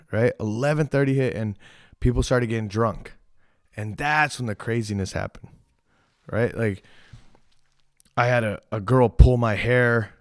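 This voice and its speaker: A young man hosting a podcast, telling a story in a rambling, profane, animated way and quoting the people in it. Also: on the low side, dry recording, clean studio sound. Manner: rambling, profane, animated retelling with quoted voices. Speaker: podcast host. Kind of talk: casual storytelling.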